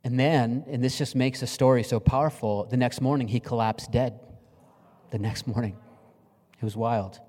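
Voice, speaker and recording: A man's voice: mid-range voice, steady tone, moderate pace, dark tone. Middle-aged pastor guy preaching, chatty storytelling, gets emotional and jokey, big echoey church hall. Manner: conversational storytelling, emotional and humorous. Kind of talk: sermon. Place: church sanctuary. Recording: long reverb of a large hall.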